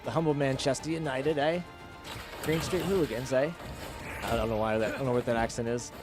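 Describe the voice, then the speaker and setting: A man streaming a game live, chatting with viewers and reacting excitedly as he plays. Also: mid-range voice, fairly quick, music in the background. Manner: chatty, reads chat, excitable. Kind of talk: live gameplay commentary.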